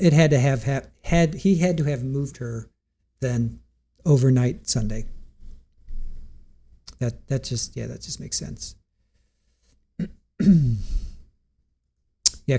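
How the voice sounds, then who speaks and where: A man with a warm, mellow voice hosts a casual live stream, thinking aloud and restarting his sentences as he goes. He chats loosely and reads out viewer comments in a medium-pitched, easygoing tone.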